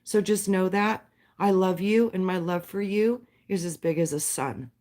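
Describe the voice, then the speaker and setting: A woman's voice: fairly low pitch, measured pace, mellow. A woman hosting a livestream, talking to her viewers in a heartfelt, spiritual way. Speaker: livestream host. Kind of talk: casual livestream chat with viewers.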